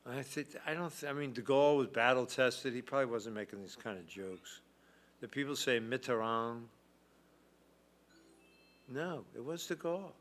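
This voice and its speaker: A man's voice: mid-range voice, normal speed, long pauses, fairly bright tone. A man hosting a live trivia stream, reading out questions and answers and adding dry asides. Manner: wry, reads questions and adds asides. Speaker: trivia host.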